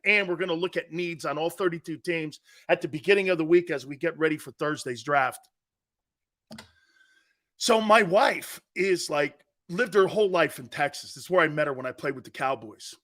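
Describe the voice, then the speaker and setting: A middle-aged man hosting a sports talk show, telling loud, swearing stories and acting out other people's voices. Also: a little high. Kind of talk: animated opinion monologue.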